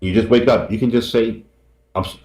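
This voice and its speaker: A man with a fairly low, steady, slightly mellow voice speaks briskly as a guest author in an interview. He's earnest and grateful, repeating his words as he tears up in this emotional conversation. The room is echoey.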